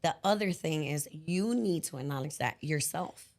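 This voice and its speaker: A woman hosting a podcast in casual conversation, expressive and quick to laugh, acting out her inner voice. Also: sits low. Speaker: podcast host.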